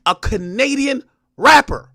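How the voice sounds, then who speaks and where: A man from Jamaica hosting a livestream, ranting loudly and profanely, dropping from shouts to low mutters. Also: lively intonation, a little slow, creaky, no echo, studio quality. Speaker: livestream host. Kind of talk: animated livestream rant.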